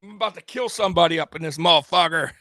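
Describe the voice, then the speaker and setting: A man's voice: a little high, rapid-fire, bright, forceful tone, dry recording. A man hosting a live sports stream, ranting in a heated, profane way and repeating himself as he vents. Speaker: sports livestream host. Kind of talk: angry live postgame rant.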